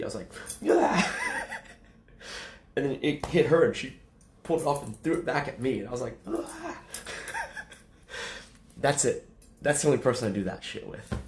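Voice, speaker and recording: A man's voice: mid-range voice, reverberant, a little hiss or hum. A man livestreaming casual chat to his viewers, rambling and swearing, often laughing. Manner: rambling, profane, laughs a lot.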